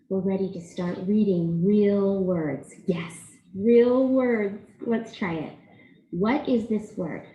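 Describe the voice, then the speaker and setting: A young woman teaching a children's reading lesson, encouraging and sing-song, sounding out words slowly. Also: mid-range voice, a little mellow, slight background noise. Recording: echoey room, slightly dull sound.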